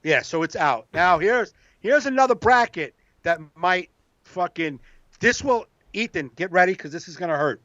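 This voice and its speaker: A man co-hosting a loose podcast chat, swearing and laughing as he reads out matchups. His voice sits a little high. The sound is dry and a bit lo-fi. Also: expressive, moderate pace, pushed and bright, dry recording. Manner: laughs often, swears casually. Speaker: podcast co-host running a movie bracket. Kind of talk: casual podcast chat with a live chat room.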